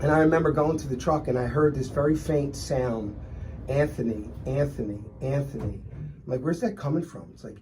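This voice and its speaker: A man's voice: medium pitch, a little hiss or hum. A middle-aged man, telling stories in a casual interview as a restaurant owner and guest, acting out the customers he describes. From Philadelphia. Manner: animated, acts out customers in his stories.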